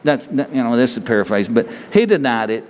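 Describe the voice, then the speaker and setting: A man's voice: medium pitch, sing-song, fast, a little mellow, long reverb tail. A man preaching a sermon to his congregation in a folksy, joking manner, talking straight to the people in front of him. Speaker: pastor.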